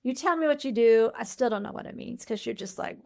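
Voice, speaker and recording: Woman podcast guest, higher voice, blunt and emphatic. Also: a little fast, gravelly. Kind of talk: casual interview chat.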